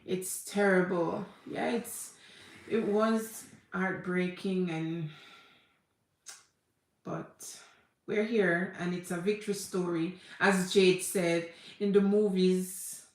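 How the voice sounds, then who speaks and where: A woman's voice: on the low side, steady tone, slow, darkish tone. A woman in her thirties with a Jamaican accent, telling a personal story in a heartfelt, tearful way. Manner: heartfelt, tearful, repeats herself, mixes in patois. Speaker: vlogger. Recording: echoey room.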